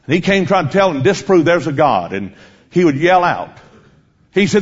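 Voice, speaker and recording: A man's voice: on the high side, very animated, moderate pace, husky. A man preaching a sermon, speaking directly and challengingly to his congregation, on a dull lo-fi recording.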